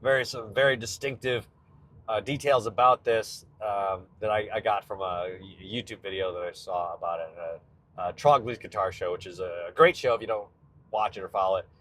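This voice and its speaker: A man's voice: on the low side, normal speed, a bit bright. Chatty man rambling on a road trip. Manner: rambling, self-interrupting, nerdy enthusiasm. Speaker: comedian podcast host. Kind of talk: casual solo chat.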